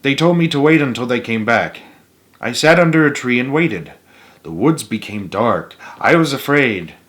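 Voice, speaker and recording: A steady, encouraging storybook frog, put on by a man reading aloud, coaxing and patient. His lines bounce with a lively, expressive lilt. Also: medium pitch, moderate pace, natural voice. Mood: storytelling.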